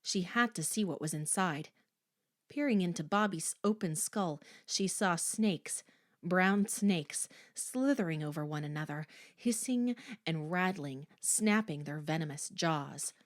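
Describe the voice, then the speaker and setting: Woman, audiobook narrator, horror story, unhurried, lively pitch, hushed suspense. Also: no echo, studio quality.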